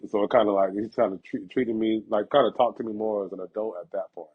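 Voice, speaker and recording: Husky-voiced man telling animated stories. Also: quick pace. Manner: animated, laughs through stories, acts out quotes in a higher voice. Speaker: podcast host. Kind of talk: casual storytelling chat. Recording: dull lo-fi sound.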